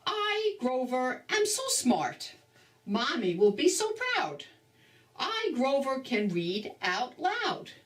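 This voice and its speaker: Grandma voicing a little monster boy, high squeaky voice, excited storybook telling, slow and lively. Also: distant mic. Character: eager little blue male monster child.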